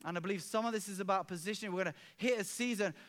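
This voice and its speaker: A middle-aged man preaching a sermon as pastor, telling stories fervently and swinging from hushed, quiet moments to exclamations. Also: sits high, rapid-fire.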